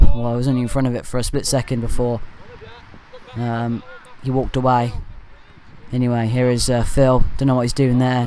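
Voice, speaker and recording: This is relaxed fan-channel voice-over from a man whose medium-pitched voice is slightly mellow. His talk meanders with jokes and side remarks, and he corrects himself quickly when he misspeaks.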